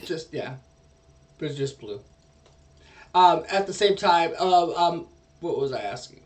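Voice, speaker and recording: A man's voice: fairly high pitch, lively intonation, measured pace, distant mic. A man narrating a tabletop game as dungeon master, rambling and hesitant.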